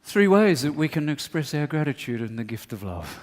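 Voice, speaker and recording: Animated pastor in a reverberant hall. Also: male voice, on the high side, moderate pace. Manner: animated, acts out voices in his stories. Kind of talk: sermon with comic storytelling.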